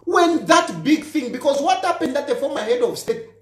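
A man's voice: extremely high pitch, animated, normal speed, hardly any pauses, roomy sound. A man, a politician, gives a heated, accusatory monologue straight at his listener and hammers his points by repeating them. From Zambia. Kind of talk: impassioned direct-address monologue.

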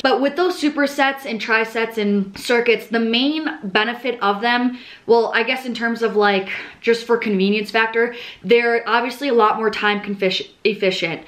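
A woman's voice: a little high, fairly bright tone. A young woman who is a personal trainer, explaining workouts to camera in an upbeat, chatty vlog style with lots of casual fillers. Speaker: fitness vlogger and certified personal trainer.

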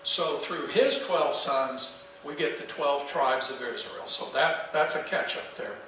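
Earnest and emphatic, a man on the high side delivers an unhurried sermon as pastor, posing questions to the congregation. His tone is fairly bright, and the small church sanctuary sounds echoey from a distance, with slight background noise.

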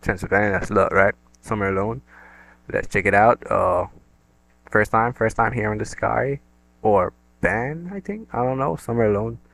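Young guy doing a reaction vid, low gravelly voice, slangy and rambly. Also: moderate pace, a bit bright, dry recording, rough recording. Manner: slangy, rambling, restarts often. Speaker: reaction video host. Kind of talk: casual reaction commentary.

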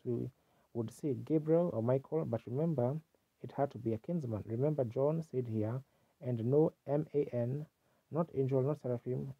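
A man delivers a fervent sermon, his voice gravelly and a little husky. The sound is dull and lo-fi, like an old archival tape, and close and dry with no room around it. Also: medium pitch, no echo. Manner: fervent preaching with exclamations. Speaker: preacher.

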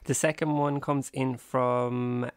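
A man co-host with a mid-pitched voice, recorded close and dry. He chats casually and jokes and teases, and he stumbles over names when reading aloud. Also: little pitch movement, takes it slowly, no room sound. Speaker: podcast co-host. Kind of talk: casual comedic chat.

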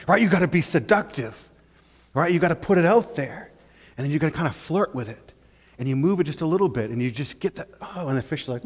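A male pastor preaching a sermon in an animated way, acting out little scenes and often checking in with "right?". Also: a little high, brisk, slightly rough. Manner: animated, acts out scenes, keeps asking "right?". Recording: long church-hall reverb.

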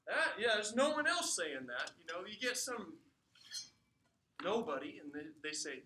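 A man giving an informal lecture, telling stories with jokes and asides in an animated way. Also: high-pitched, normal speed, recorded from a distance, a little hiss or hum. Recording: echoey room, mic from afar.

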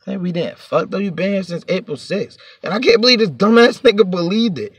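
A man's voice: high voice, brisk, husky, no room sound. A man telling a storytime to his vlog audience in a heated, profane, rambling rant, sitting a bit back from the mic.

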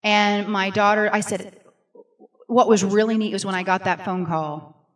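A woman's voice: mid-range voice, steady tone, a little slow. A middle-aged woman from Missouri giving an earnest, emphatic personal testimony as a guest speaker at a church service. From Missouri, USA. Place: church sanctuary. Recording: voice picked up from a distance.

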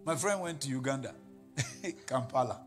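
A Nigerian pastor preaching a sermon, telling stories and quoting people in put-on voices, building to laughing shouts. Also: male voice, medium pitch, animated, moderate pace, faint music behind.

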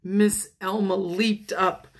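A woman pastor reads a picture book to children at a very slow, careful pace. She is animated and laughs often, breaking off to talk to her listeners. Her voice sits at an ordinary pitch for a woman.

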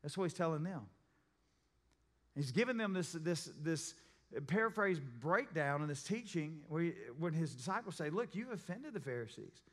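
A man with a fairly high, animated voice preaches at a moderate pace as a pastor. He's an adult parent who tells stories in a conversational manner and acts out the people in them. The church sanctuary setting adds long reverb, and faint music plays.

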